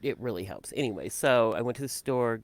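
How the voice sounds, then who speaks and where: A woman co-hosting a casual political chat podcast, talking in a rambling, halting way with frequent restarts. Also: extremely low pitch, animated, no room sound. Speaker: podcast co-host.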